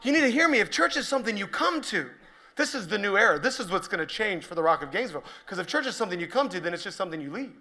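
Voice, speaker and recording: A man preaching a sermon to a church, joking with the crowd and building up to shouted points. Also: sits high, racing. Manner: energetic, joking, rising to shouted emphasis. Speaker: pastor.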